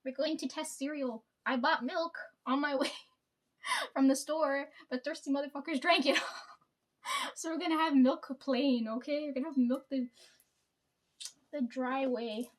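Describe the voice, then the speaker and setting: A young woman with a high voice chats to her camera at home in a casual vlog. Her throat is sore, and she tells her story with plenty of swearing and frequent laughter. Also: steady tone, measured pace, long pauses. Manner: profane, laughs often, storytelling. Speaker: vlogger. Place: at home, sitting before camera.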